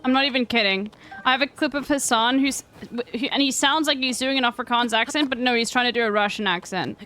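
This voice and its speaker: High bright-voiced woman streamer. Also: a little fast, rough recording. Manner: crude, joking, chatty with viewers. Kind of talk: casual gameplay commentary.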